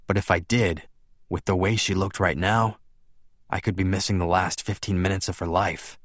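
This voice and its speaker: A man reading a novel aloud in first person, calm and restrained. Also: deep voice, moderate pace, dry recording. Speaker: audiobook narrator. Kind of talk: first-person fiction narration. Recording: slightly dull dry studio recording.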